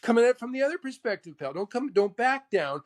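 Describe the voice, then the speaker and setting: A man's voice: very high voice, very animated, brisk, pitched above the performer's own voice. A man doing a sing-song quirky old golf pro. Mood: urging. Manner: sing-song, starts with "ooh", repeats phrases, calls people "pal". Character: quirky older male golf legend, repeating himself.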